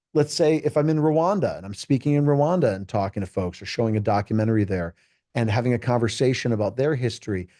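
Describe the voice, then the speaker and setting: A middle-aged man, a keynote speaker, talking casually in an interview and telling stories with animated, acted-out quotes. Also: mid-range voice, no room sound, clean studio sound. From United States.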